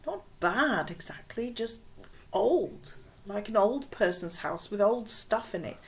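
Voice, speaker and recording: A woman's voice: medium pitch, animated, slow. A woman voicing a cheeky young girl who talks in a chatty, teasing way. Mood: thoughtful.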